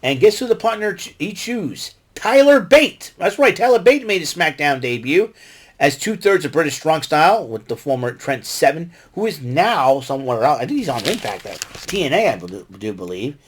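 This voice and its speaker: Rambling, excitable male host, slightly high voice, casual solo recap. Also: moderate pace, husky. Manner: rambling, excitable, talks back to wrestlers he recaps. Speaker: podcast host recapping wrestling.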